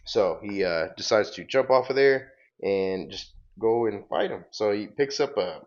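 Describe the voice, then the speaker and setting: A man casually recapping a comic book story in a relaxed, rambling way. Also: lowish voice, measured pace, dull audio. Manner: relaxed, rambling with fillers and laughs. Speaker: comic book reader, host.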